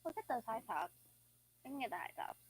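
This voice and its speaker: A woman's voice: a little high, very animated, quick pace, breathy edge, low-quality recording. A young woman chatting casually and drowsily while she plays a life-sim game, now and then yawning. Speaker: gaming vlogger. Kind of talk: casual gameplay commentary.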